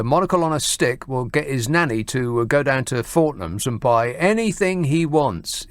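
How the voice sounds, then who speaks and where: A man's voice: medium pitch, dry recording. A man hosting a late-night radio phone-in, talking with dry sarcasm. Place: radio studio. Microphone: studio mic.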